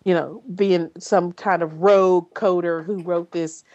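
A woman's voice: fairly low pitch, fairly even intonation, measured pace, darkish tone, highs cut off. A woman hosting a podcast in casual talk, speaking bluntly with frequent swearing, fillers and restarts. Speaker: podcast host.

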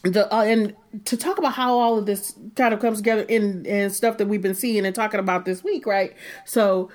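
A woman co-hosting a casual podcast discussion, animated and rambling, with frequent laughter and restarts. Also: mid-range voice, fairly quick. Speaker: podcast co-host.

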